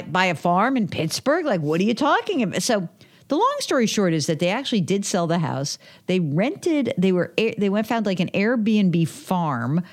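A woman's voice: fairly low pitch, a little mellow. A woman guest on a talk podcast, telling stories about personal finance, chatty and acting out quoted dialogue. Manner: chatty, acts out quoted dialogue, many fillers. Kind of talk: conversational podcast storytelling.

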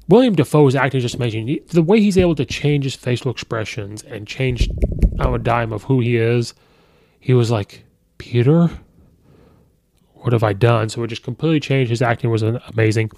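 A man hosting a podcast, talking casually through a film review and retelling scenes with quick quoted lines. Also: medium pitch, gravelly, no room sound, studio quality.

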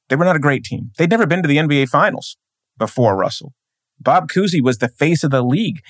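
A man talking as a guest on a podcast, emphatic and driving, stacking up his points one after another. His voice sits at a middle pitch. The studio sound is dry and close. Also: creaky, no echo. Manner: emphatic, building points with repeated phrases. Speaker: sports journalist guest. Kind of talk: podcast interview.

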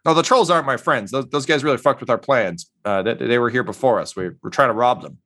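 A man's voice: mid-range voice, quick pace, fairly bright tone, pitched above the performer's own voice. A man voicing a crude, grumbling heist mastermind in a tabletop game, raising his voice, cursing and sheepish.

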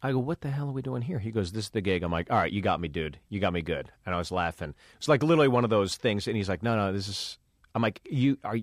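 Profane comedian spinning a story. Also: male voice, on the low side, quick pace, no room sound, clean studio sound. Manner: animated storyteller acting out dialogue, profane. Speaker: comedian podcast co-host. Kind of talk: casual storytelling chat.

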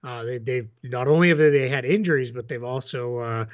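A man's voice: medium pitch, brisk, lo-fi sound. A man co-hosting a sports podcast, talking casually with many fillers and restarts. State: has the hiccups. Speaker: podcast co-host.

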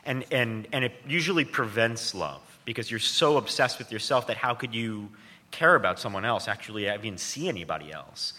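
A man's voice: fairly low pitch, lively intonation, a little fast, sharp tone, big-room sound. A man interviewed about his book, talking in a joking, self-deprecating way with many restarts. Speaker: author and guest. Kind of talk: interview conversation. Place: stage before an audience.

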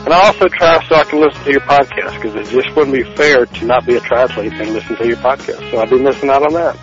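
A man's voice: medium pitch, dull audio, soft background music. Man with a South Georgia drawl. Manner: halting, many fillers. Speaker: listener calling in. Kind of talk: recorded voicemail.

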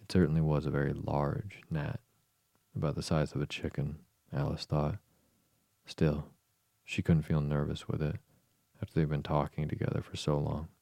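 A man reading a storybook aloud slowly and softly to lull listeners to sleep. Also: extremely low pitch, flat delivery, vocal fry, no room sound. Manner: slow, soft, soothing reading. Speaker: podcast host, bedtime reader.

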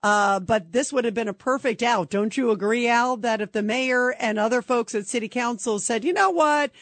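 A woman hosting a call-in radio show, talking in an animated way and acting out mocking quotes. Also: fairly high pitch, normal speed, no echo. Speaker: talk radio host.

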